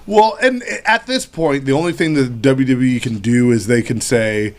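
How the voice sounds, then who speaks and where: A man's voice: mid-range voice, normal speed, a little mellow. A man co-hosting a casual talk show, full of wisecracks and crude humor. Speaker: co-host. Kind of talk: casual podcast chat.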